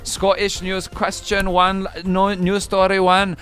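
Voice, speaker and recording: A radio host putting on a hammy Scottish accent to run a quiz game. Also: male voice, high voice, monotone, measured pace, fairly bright tone, faint music behind, pitched above the performer's own voice. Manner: theatrical, playful, hammy.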